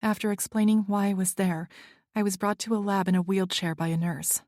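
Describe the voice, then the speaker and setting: A woman's voice: medium pitch, steady tone, fairly quick, a little mellow, dry recording, studio quality. A woman narrating a first-person romance audiobook in an earnest, anxious storytelling manner.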